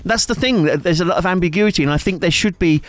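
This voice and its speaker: A man's voice: fairly high pitch, fast, no echo, faint music behind. A man bantering casually on a livestream, reading out chat and joking around. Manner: jokey, rambling, chat-reading. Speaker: streamer co-host.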